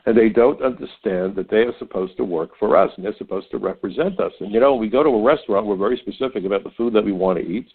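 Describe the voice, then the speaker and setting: A man's voice: lowish voice, fast, hardly any pauses, slightly rough. An older man hosting a talk radio show, telling stories in a folksy, opinionated way and often stammering on repeated words. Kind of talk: conservative talk radio monologue. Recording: narrow phone-like radio sound.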